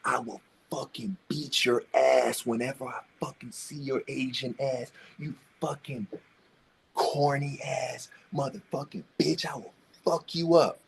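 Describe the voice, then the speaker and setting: A man's voice: mid-range voice, fairly even intonation, measured pace, creaky, slight background noise, voice pushed up. A man putting on a snarling young bully. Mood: menacing. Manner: profane, menacing, taunting. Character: hostile young man spitting threats.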